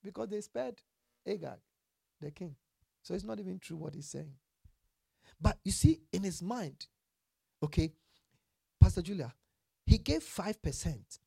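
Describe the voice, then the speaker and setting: A preacher giving a sermon with Bible reading, asking the congregation questions and answering them, and building to emphatic loud passages. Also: mid-range voice, expressive, a little slow, creaky, pauses often, husky, no echo, clean studio sound.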